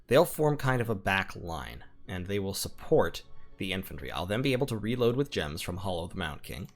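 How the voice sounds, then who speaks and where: A man recording gameplay commentary at home, methodically thinking aloud through his plans and numbers. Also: lowish voice. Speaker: strategy game let's-player.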